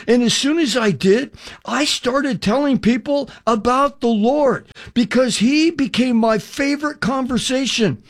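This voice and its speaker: Older male radio preacher in his 60s, wry animated storyteller, high voice with lots of swing. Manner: animated storyteller, acts out quoted people with shifting voices, wry humor. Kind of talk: personal testimony told as a story.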